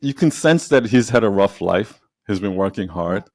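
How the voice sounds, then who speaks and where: Low gravelly man telling a story. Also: moderate pace, no echo, studio quality. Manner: animated storyteller, acts out quotes, laughs often. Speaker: podcast guest, entrepreneur and storyteller. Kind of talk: casual conversational interview.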